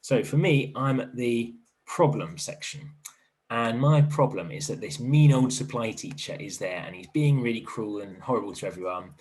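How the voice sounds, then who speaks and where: A man teaching an online primary literacy lesson in a gentle, encouraging way, thinking aloud as he writes. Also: medium pitch, animated, moderate pace.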